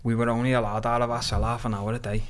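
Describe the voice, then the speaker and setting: A young Liverpudlian man with a Liverpool accent is a podcast guest telling stories in lively, sweary, slang-packed casual chat. His mid-range voice moves quickly, with a slight background noise.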